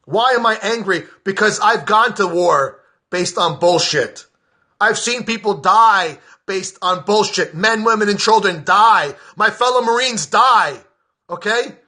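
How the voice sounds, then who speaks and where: High, bright-voiced man ranting angrily. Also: unhurried. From United States. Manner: heated, profane, sarcastic. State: agitated. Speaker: veteran political commentator. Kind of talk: angry political rant.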